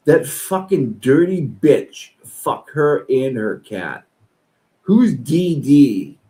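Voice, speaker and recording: Angry ranting man, wide pitch swings. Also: low-quality recording. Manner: slow-paced, with lively pitch swings. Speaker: streamer reacting to online posts. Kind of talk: profane reaction commentary.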